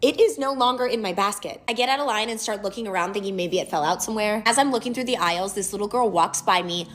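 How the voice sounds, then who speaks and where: A woman's voice: mid-range voice, fast. A woman telling a storytime vlog, retelling an incident dramatically.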